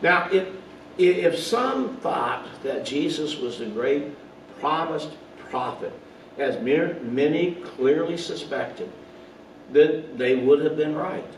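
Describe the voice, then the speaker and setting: A fairly high-pitched man takes his time, his intonation lively, as he earnestly delivers an online Bible study sermon as a pastor. Rhetorical questions, some slips and asides mark his preaching. Slight background noise and faint ambience are present, since he was recorded distantly in a roomy space.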